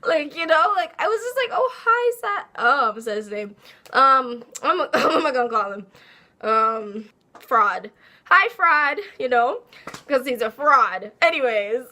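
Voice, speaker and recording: A young woman telling a casual storytime, animated and laughing as she acts out her own quotes. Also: high voice, unhurried. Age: young adult. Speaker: vlogger.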